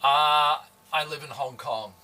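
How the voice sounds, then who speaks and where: A man from Adelaide with a slight Australian accent, chatting casually with his livestream viewers while he cooks. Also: a little high. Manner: slow, relaxed, chatty, greeting viewers. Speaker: livestream host. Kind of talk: casual chat while cooking. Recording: voice somewhat far from the mic.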